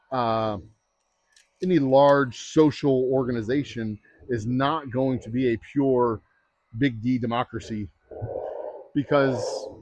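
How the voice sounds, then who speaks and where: A man's voice: medium pitch, a little mellow, breathy edge, dull audio. A man chatting casually on a livestream, rambling and joking with many fillers. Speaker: distillery owner livestreaming.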